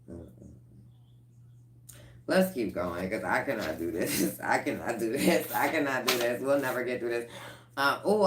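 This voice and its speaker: Low-pitched woman reading tarot cards for her viewers, blunt and profane and laughing a lot. Her deep voice rings in an echoey room, and she talks in a loose, casual way. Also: slight background noise. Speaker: tarot reader.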